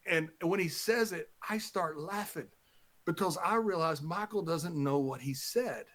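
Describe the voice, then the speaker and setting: A man's voice: fairly high pitch, unhurried, fairly bright tone, a little hiss or hum. A man, a former wrestling color commentator, telling a story on a podcast and laughing often.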